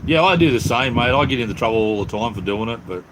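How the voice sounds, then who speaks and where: A man's voice: medium pitch, expressive, quick pace, a bit bright, a little hiss or hum, rough recording. An Australian man hosting a casual live chat from his workshop, easygoing and calling everyone mate. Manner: laid-back, calls everyone mate. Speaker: livestream host. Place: home workshop.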